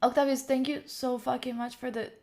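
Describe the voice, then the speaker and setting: Young woman from Italy, study stream host, emotional and grateful, voice a touch high. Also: level tone, a little fast, creaky, darkish tone. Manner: emotional, thanking viewers, swearing, near tears. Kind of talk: casual livestream chat.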